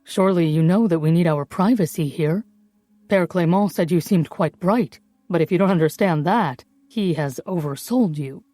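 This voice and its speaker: Woman reading as a smug brisk forger guy, low dark voice, talks down to everyone. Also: no room sound, close to an everyday voice. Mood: condescending. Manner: dry, condescending. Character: brisk clever male forger, dry and condescending.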